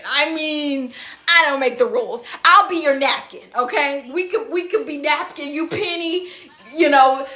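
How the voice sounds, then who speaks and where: Laughing a lot, a young TikTok live host streams casually from inside, reading viewers' comments into her phone and doing cartoon quotes in goofy voices. Her voice is high and bright with a forceful tone.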